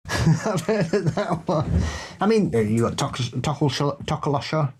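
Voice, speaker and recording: A man co-hosting a ghost story podcast, chatting casually and reading out listener stories in a dry, unhurried way. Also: fairly high pitch, sing-song, noisy background. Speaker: podcast co-host.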